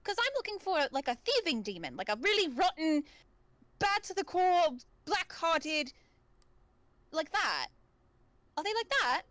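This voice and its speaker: A woman's voice: very high-pitched, big pitch swings, a little slow, pauses often, a bit bright, dry recording, exaggerated voice. A woman voicing a sheltered young adventurer woman in a tabletop game, asking eager, wide-eyed questions in a put-on accent. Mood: curious.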